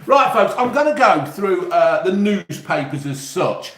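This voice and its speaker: A man's voice: high voice, very animated, unhurried, a bit bright, reverberant. A man with an East Midlands English accent, rambling and swearing casually as he chats to viewers on his live stream. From England. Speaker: YouTube host.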